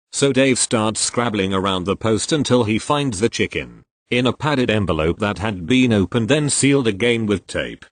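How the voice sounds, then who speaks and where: A man's voice: fairly low pitch, expressive, moderate pace, hardly any pauses, dry recording. A man reading tech-support stories aloud with a dry storytelling delivery, giving quoted lines small voice shifts. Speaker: narrator reading posts aloud.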